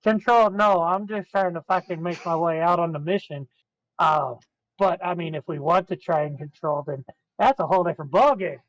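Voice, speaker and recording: Man, tabletop player, high voice, blunt, profane, dry dull recording. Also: moderate pace, no room sound. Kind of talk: casual tabletop game chat.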